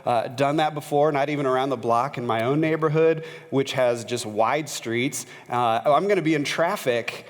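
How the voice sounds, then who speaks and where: A male pastor preaching a sermon in a conversational way, telling a personal story with frequent "uh" fillers and growing animated as he tells it. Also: medium pitch, moderate pace, few pauses. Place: church sanctuary. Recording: long reverb of a large church hall.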